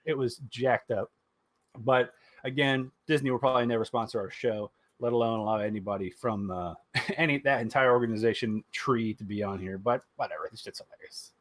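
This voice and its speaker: A man hosts a podcast in loose, casual chat, joking and swearing freely. His voice sits in a middle pitch for a man. The sound is dry and close, with little room around it. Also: fairly quick, no room sound. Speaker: podcast host. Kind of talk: casual chat about movies.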